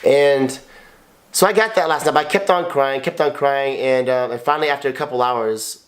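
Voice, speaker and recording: A man with a voice of ordinary pitch tells his story on a couple's podcast. He is blunt and emotional, swears freely and circles back over his own words. He speaks in a raw, confessional way. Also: normal speed, fairly bright tone. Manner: emotional and blunt, swears often, repeats himself. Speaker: podcast co-host, husband.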